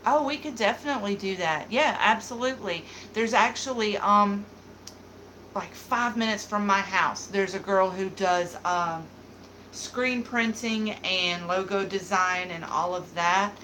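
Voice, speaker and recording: Bright-voiced Southern woman chatting live. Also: mid-range voice, a little slow, slight background noise, low-quality recording. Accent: Southern American. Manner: chatty, rambling, many fillers. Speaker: beauty YouTuber hosting a live stream. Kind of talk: casual live-stream chat with viewers.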